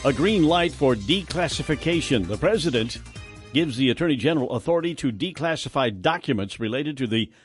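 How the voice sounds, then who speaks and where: A man anchoring a local morning radio newscast, reading the stories in a steady, measured way. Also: medium pitch, soft background music. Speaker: news anchor.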